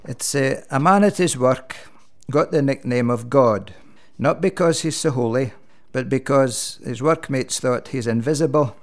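A man, a minister, runs through a string of church jokes. His delivery is dry and gentle, and his punchlines come quickly. His voice sits at an everyday middle pitch.

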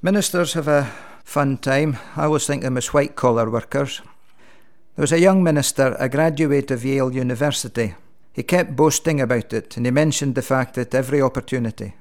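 A man, a minister telling church jokes one after another with a dry, gentle delivery and quick punchlines. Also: mid-range voice.

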